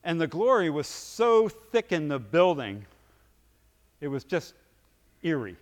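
A fairly high-voiced man preaching in a big hall whose long echo trails after his words. He tells his story with energy, acting out scenes and swinging between hushed asides and booming peaks. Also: very animated, takes it slowly. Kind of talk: sermon storytelling.

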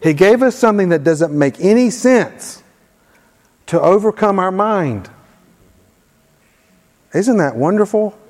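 A man preaching a sermon, leading the room in call-and-response prayer with forceful commands. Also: sits high, lively intonation, measured pace, pauses often. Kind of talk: sermon teaching. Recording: long hall reverb.

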